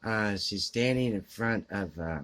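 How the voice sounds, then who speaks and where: A man giving blunt, grumbling book opinions in a halting way, with lots of fillers and frequent throat clearing. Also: lowish voice, a bit bright. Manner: grumbling, opinionated about books. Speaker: book vlogger answering a question tag. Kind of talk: casual unscripted talk to camera.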